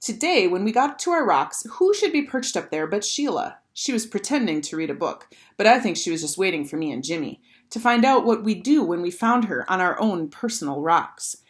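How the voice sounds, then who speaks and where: A woman teacher reading a children's chapter book aloud with expressive, animated storytelling. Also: fairly low pitch, moderate pace, few pauses.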